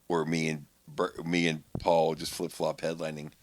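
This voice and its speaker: Deep-voiced man in rambling chat. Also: level tone, moderate pace, slight background noise. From Pittsburgh. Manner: rambling, many restarts and filler words. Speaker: guest comedian. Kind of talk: casual podcast chat.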